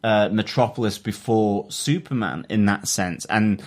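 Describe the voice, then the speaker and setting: A man co-hosting a TV review podcast in casual chat, enthusiastic and halting, with frequent fillers. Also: fairly low pitch. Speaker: podcast co-host.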